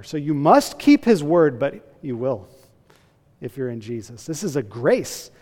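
A man preaching a sermon as a pastor, earnest and emphatic, slowing down to stress key phrases. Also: a little high, big pitch swings, dark tone, long reverb tail.

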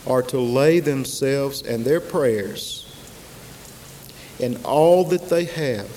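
A man preaching a sermon, slow and emphatic, with dramatic pauses and repetition. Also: mid-range voice, warm tone. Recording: long hall reverb, faint hiss.

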